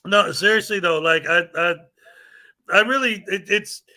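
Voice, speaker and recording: A man's voice: sits high, measured pace, bright, forceful tone. A man hosting a casual live stream, joking around and laughing often. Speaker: livestream host.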